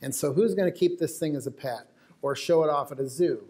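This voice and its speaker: An American wildlife photographer gives a talk to a live audience, his voice on the high side, mellow and fairly quick. He tells stories in a chatty way, tossing in asides to the crowd.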